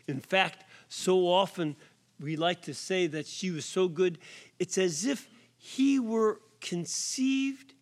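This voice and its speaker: A man, a priest, giving an emphatic sermon in a prison, rising to loud accents and sometimes dropping to a whisper. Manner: slow, emphatic preaching with sudden rises in pitch and volume; drops to a soft whisper for effect. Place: prison chapel or hall.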